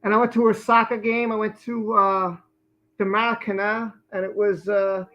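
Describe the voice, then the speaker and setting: A man streams live from home, casually chatting and rambling about his food as he eats and talks through mouthfuls. He speaks at normal speed in a high voice with flat delivery, and the recording has its highs cut off.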